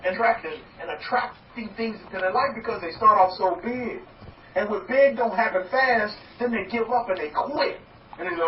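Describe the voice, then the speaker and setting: A man teaching as a rabbi in a lively sermon, acting out quoted voices and repeating words as he goes. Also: sits high, normal speed. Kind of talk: sermon-style teaching talk. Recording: echoey, distant, dull and slightly noisy.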